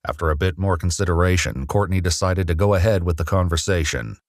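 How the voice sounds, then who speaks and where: A man narrating a true-crime story in an even, scripted storytelling delivery. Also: deep voice, fast talker, dry recording, studio quality.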